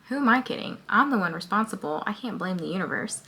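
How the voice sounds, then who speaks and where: A woman's voice: mid-range voice, animated, fast talker, bright, forceful tone. A woman book vlogger chatting casually about her reading and reading book blurbs aloud, with a lot of "like" fillers. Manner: chatty, filler-heavy with frequent "like".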